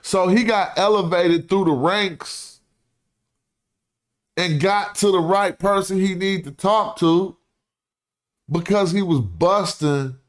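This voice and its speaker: A man streaming, telling an old story in slangy casual talk and reading passages aloud, acting out the quotes. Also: a little high. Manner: slangy, animated, acts out quotes in put-on voices.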